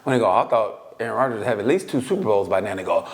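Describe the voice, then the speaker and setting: A man's voice: fairly low pitch, rapid-fire. Man, casual podcast storyteller, profane and loose, laughs often. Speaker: podcast co-host. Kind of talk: casual chat.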